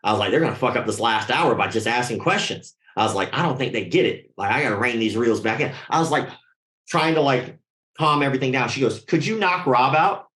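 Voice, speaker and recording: Dude telling a crude story, middle pitch, doing voices, roomy echo. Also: male voice, brisk. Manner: animated, profane, acts out quoted voices. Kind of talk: casual storytelling.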